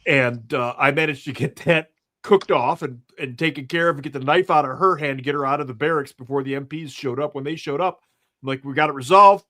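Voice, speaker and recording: A man's voice: on the high side, fairly even intonation, a little fast, pushed and bright. A man co-hosting a podcast, telling an army story bluntly with swearing. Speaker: podcast host, army veteran. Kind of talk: casual podcast chat.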